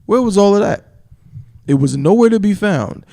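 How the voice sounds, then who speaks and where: This emphatic man from New York teaches the Bible over a livestream in a slightly high, mellow voice with lively intonation and some vocal fry. He often asks "you understand?" and draws key words out slowly, then shifts to a slow, solemn cadence for scripture readings.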